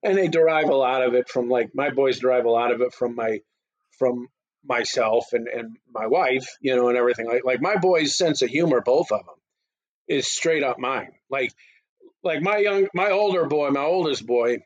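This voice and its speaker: A man in his forties on a podcast, telling crude, animated anecdotes in casual chat. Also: medium pitch, normal speed, dry recording, highs cut off. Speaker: podcast co-host.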